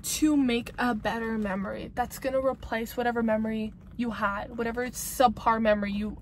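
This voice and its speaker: A woman's voice: on the high side, fairly even intonation, normal speed, slight background noise, rough recording. A young woman giving casual advice to camera, chatty and emphatic, full of "like" and "babes" and free with swear words. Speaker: vlogger giving breakup advice.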